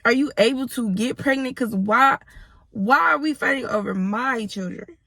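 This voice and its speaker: A woman in her thirties telling an animated, profane storytime vlog, speaking straight to her viewers. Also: a little high, normal speed, creaky, dry recording. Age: 30s. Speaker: storyteller vlogger. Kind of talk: casual storytime.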